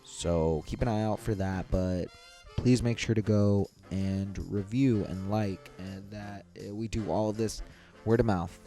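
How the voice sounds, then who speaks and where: Man, podcast host, low-ish voice, loose rambling chat, faint music behind. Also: steady tone, a little slow, warm tone. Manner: loose, rambling, pleading asides. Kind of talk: casual podcast clip-show hosting.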